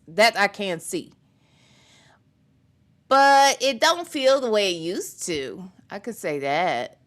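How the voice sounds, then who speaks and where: Lively, bright-voiced woman host chatting. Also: mid-range voice, smooth. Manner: greets viewers by name and reads their comments aloud; chatty and playful, laughs freely. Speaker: livestream host. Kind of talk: casual livestream chat.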